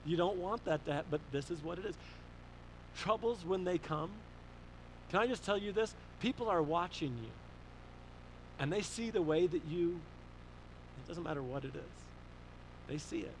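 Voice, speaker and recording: A man with a high-pitched voice preaching a sermon. He talks in a lively, conversational way and pushes up hard on his questions. A faint hum sits behind him. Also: moderate pace, long pauses, rough recording. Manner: animated storytelling, rising emphasis on questions.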